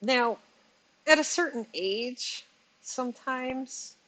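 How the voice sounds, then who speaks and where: A woman's voice: sits high, slow pace, sharp tone, rough recording. A woman in her forties giving a casual commentary vlog, chatty and exasperated, often laughing and correcting herself as she stumbles over words. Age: 40s. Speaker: commentary channel host.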